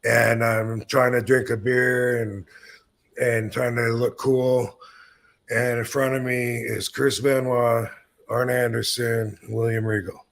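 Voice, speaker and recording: A man's voice: medium pitch, little pitch movement, slow, creaky, a bit bright. A man in his fifties hosting a podcast, telling a rambling, profane, self-deprecating story in casual talk. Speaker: podcast host.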